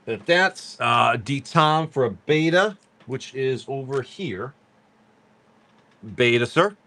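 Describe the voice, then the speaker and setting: A man's voice: medium pitch, lively intonation, takes it slowly, bright, forceful tone. A man chatting casually on a live stream, joking with viewers while he reads off cards. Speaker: card-break livestream seller.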